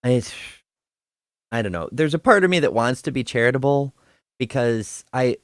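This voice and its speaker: A man's voice: medium pitch, expressive, moderate pace, no room sound, studio quality. A man from the Northeastern US hosting a casual debate review chat, telling stories and laughing often. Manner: chatty, storytelling, laughs often. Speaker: host.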